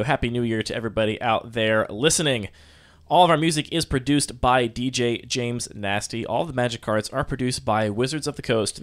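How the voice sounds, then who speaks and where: A man's voice: medium pitch, a bit bright. A man co-hosting a podcast in casual chat, joking and teasing in banter. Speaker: podcast co-host.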